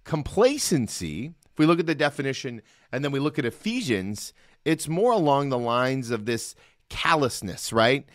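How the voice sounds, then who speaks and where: This middle-aged man hosts a solo Christian devotional podcast in a clean, echo-free studio recording. His mid-range voice swings widely in pitch at a normal speed as he speaks earnestly and conversationally, often checking in with the listener.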